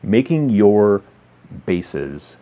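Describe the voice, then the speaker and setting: Deep-voiced man with a rambling hobby tutorial. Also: very animated, drawn-out words. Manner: rambling, friendly, filler-heavy explaining. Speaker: miniature hobby video host. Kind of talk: casual tabletop hobby tutorial. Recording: slightly dull lo-fi sound.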